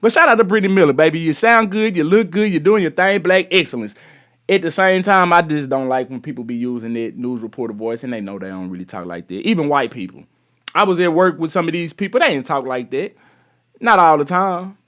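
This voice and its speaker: Texan male YouTube commentator, casual and slangy, slightly raised pitch, talks right at the audience. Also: fairly quick, fairly bright tone. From Texas. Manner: chatty, slangy, addresses viewers as y'all. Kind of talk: casual commentary on a news clip.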